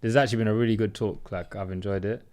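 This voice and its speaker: A man hosting a podcast, talking in relaxed slang-filled casual chat. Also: on the low side, racing. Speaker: podcast host.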